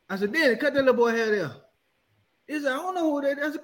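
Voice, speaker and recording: Brief: male barber, very high bright voice, laughing storyteller. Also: animated, fast talker. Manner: laughing, drops to a low murmur. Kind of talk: casual storytelling.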